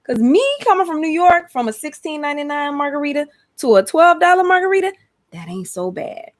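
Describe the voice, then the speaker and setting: A woman's voice: sits high, brisk. Woman, Georgia accent, live-stream host, chatty, exclamatory, casual. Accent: Georgia, US South. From Atlanta, USA. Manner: chatty, lively, slangy, exclamatory.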